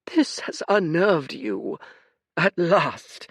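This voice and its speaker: A man voicing an old, weary male seer whose high, quavering voice croaks and breaks. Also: sing-song, drawn-out words, dry recording, studio quality, heavily acted. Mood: weary, sorrowful.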